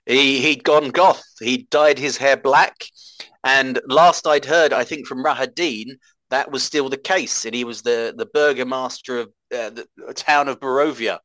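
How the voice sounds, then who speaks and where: Bright-voiced man playing a tabletop game. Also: medium pitch, fairly even intonation, moderate pace, dry recording, low-quality recording. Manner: playful, joking. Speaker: player.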